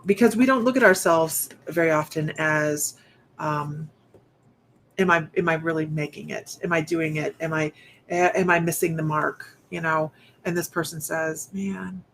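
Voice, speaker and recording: Soft-spoken woman medium, halting. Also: deep voice, a little hiss or hum. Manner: soft, halting delivery with many restarts; speaks straight to viewers. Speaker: psychic medium. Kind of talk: live-streamed psychic reading.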